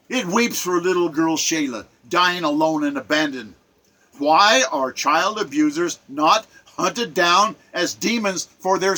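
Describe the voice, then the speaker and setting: A man giving an impassioned, preachy monologue, repeating phrases, swelling loud and then dropping to near quiet. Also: high-pitched. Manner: emotional, preachy, repetitive, with sudden swells and drops. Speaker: online commentator.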